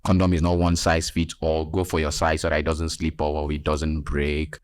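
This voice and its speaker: A Nigerian man with a very low voice hosts a health podcast, stressing his points and teasing listeners. He sounds close and dry, with no room around him. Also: monotone, moderate pace, no room sound. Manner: emphatic, preachy, teasing asides. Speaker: podcast host and nurse.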